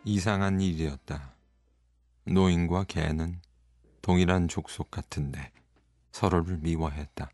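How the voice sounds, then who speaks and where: A man reading a story aloud as narrator, in a brisk, steady manner. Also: deep voice, soft background music. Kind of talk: audiobook reading.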